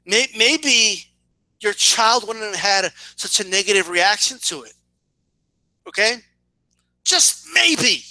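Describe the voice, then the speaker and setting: A man's voice: high-pitched, lively intonation, slow pace, pauses often, pushed and bright, dry recording. A man in his thirties ranting in a casual video, sarcastic and profane, often stumbling over and repeating words as he gets worked up. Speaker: boxing and wrestling commentator.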